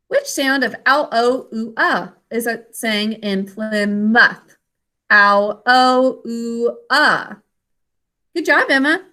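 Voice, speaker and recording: A woman's voice: fairly high pitch, sharp tone. A woman teacher leading an online phonics lesson over a video call, patiently spelling words out sound by sound. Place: remote class on a video call.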